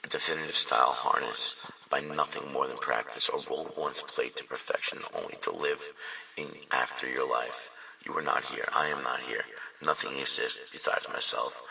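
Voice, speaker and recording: A man's voice: a bass voice, gravelly, bright, forceful tone. A man performing spoken word poetry with a rhythmic, rhyming, intense delivery. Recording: distant mic in a reverberant room.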